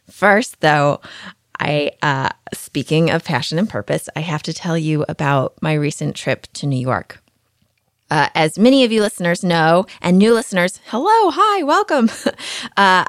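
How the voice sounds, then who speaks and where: Woman podcast host rambling about her week, kinda low voice, dead dry close mic, candid and self-mocking. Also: no echo. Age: adult mother. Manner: chatty, candid and self-deprecating. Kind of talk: casual podcast monologue.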